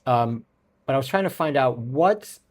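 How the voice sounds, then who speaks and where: A man's voice: medium pitch, expressive, moderate pace, a little mellow. A middle-aged man with a Brooklyn accent hosting a casual solo podcast, rambling and often restarting his sentences. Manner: rambling, self-correcting, chuckles often. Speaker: podcast host.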